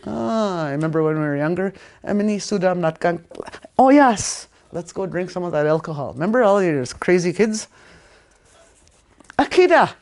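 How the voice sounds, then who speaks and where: A woman from Canada leads a relaxed spoken language lesson in a slightly low voice. She repeats each word slowly for her learners. She leans hard on the stressed syllables as she says them. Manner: animated, stresses words strongly when saying them. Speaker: language teacher.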